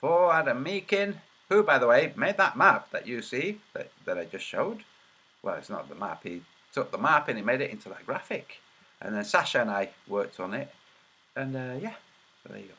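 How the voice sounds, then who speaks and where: A man's voice: mid-range voice, big pitch swings, normal speed, pushed and bright, slightly rough. A man hosting a casual livestream, muttering to himself while he searches and then commenting in a mocking, sarcastic way. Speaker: video host.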